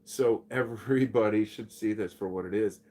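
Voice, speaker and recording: Guy on a livestream ranting blunt and sweary, lowish voice, gets loud greeting chat. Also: normal speed. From United States. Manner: blunt, profane, animated when greeting chatters. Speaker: live streamer. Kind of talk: casual livestream commentary.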